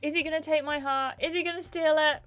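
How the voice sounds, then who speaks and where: Young woman, gaming channel host, chatty and excitable, fairly high voice. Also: fast. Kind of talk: casual gaming commentary.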